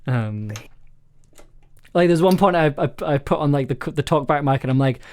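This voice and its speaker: A director talks through a recording session in a loose, chatty way, often breaking into giggles and restarting sentences. The voice swings up and down lively in pitch while staying mid-range overall. It sounds like a home streaming setup. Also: moderate pace, smooth. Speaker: audio drama director and streamer. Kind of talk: casual chat during a recording session.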